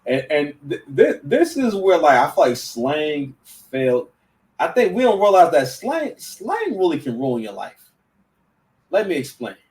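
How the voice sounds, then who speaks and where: Male host reacting to a clip, animated and stammering, slightly high, recorded at a distance. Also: a little slow. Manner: stammering, slang-heavy, animated. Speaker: commentator. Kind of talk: casual reaction commentary.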